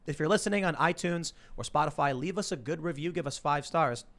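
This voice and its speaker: A man in his thirties hosting a casual panel show, talking quickly and laughing often. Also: on the high side, fairly bright tone. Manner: chatty, fast, laughs often. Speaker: podcast host. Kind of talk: casual panel talk with sponsor reads.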